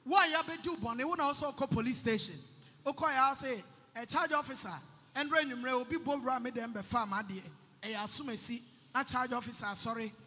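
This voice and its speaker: A man interpreting a sermon in church, calling out phrases loudly and with energy. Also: very high voice, slightly rough. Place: church hall. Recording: reverberant hall.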